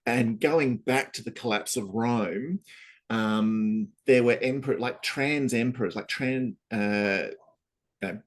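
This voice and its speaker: A man's voice: medium pitch, slow. A man talking politics in a loose, rambling podcast chat, full of restarts and fillers.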